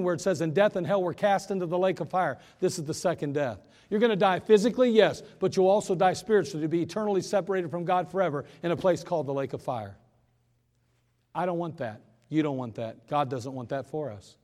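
A man preaching an impassioned sermon in a church, swinging between loud urgent pleas and quiet hushed moments. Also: on the high side, big-room sound. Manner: impassioned preaching, rising and falling in force. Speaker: pastor.

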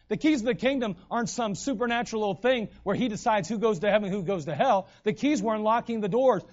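A man preaching a sermon in an animated way, acting out the voices in the stories he retells. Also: high-pitched, highs cut off.

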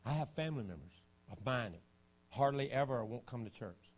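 A man preaching a revival sermon, dropping to a low, hushed storytelling voice and then rising to loud, shouted preaching. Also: lively intonation, fairly quick. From United States. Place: church sanctuary. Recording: archived church recording with faint hum.

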